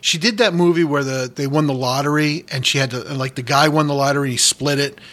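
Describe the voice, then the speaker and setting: A man from New England jokes and laughs his way through a casual radio chat. His voice sits a little high and rings bright and forward. He slips into quick impressions between stories. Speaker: guest on a radio show.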